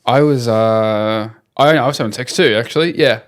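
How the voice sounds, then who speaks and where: Aussie guy on a podcast, dry teasing jokes, middle pitch. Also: normal speed. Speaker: podcast co-host. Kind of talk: casual chat.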